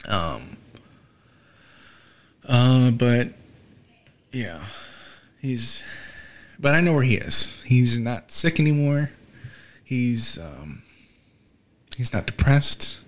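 A young man hosting a podcast, talking casually and quietly, with many fillers and pauses, subdued by grief. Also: medium pitch, sing-song. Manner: soft, halting, with frequent fillers and trailing off. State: grieving, subdued. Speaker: podcast host. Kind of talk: casual solo podcast talk.

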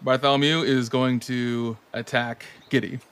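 A man's voice: medium pitch, flat delivery, a little slow, a bit bright, smooth. A man running a tabletop game as game master, laughing between calls. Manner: chuckles between rules calls.

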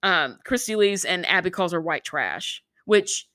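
A young woman co-hosting a podcast, chatting casually and telling a story with lively impressions of the people in it. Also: measured pace, no room sound. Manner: animated storyteller, mimics people in shrill voices. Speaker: podcast co-host. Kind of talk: casual chat recapping a reality show.

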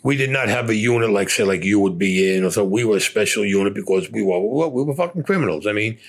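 An older man, a veteran, recounting war memories in a blunt, profane, plainspoken way with a husky voice. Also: lowish voice, steady tone, fast. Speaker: veteran interviewee.

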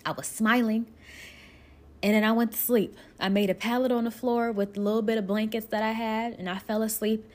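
Her voice sits on the higher side, steady and somewhat dark, as this woman from Buffalo, New York relates her own journey of leaving to become an actress. She narrates earnestly and emotionally, stopping and restarting along the way.

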